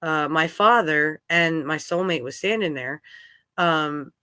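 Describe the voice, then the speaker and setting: A woman's voice: deep voice, slow, bright, forceful tone, smooth, dry recording, clean studio sound. A woman in her thirties hosting a candid podcast chat, talking openly and at length with many fillers. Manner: rambling, open, with frequent fillers. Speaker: podcast host. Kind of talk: candid conversational talk.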